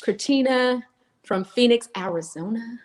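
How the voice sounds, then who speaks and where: Slow-talking woman greeting viewers. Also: on the high side. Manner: chatty, greets viewers warmly, laughs often. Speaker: co-host. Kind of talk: live-stream chat, reading out viewer names.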